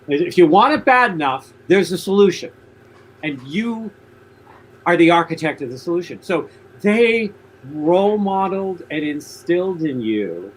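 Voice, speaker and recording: A man's voice: fairly high pitch, husky, low-quality recording. A man hosting a talk show, speaking earnestly and enthusiastically, often repeating his phrases. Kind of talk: radio interview chat.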